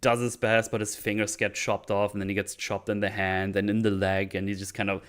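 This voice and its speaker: A man's voice: fairly low pitch, level tone, fairly quick. A man hosting a casual movie discussion podcast, retelling scenes with acted-out quotes and swearing. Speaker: podcast host.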